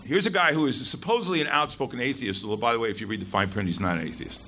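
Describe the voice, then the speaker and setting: Male guest speaker at a live event: bright, punchy voice, blunt and emphatic, swears freely. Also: mid-range voice, racing, slight background noise. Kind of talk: live public talk to an audience. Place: event hall with a live audience.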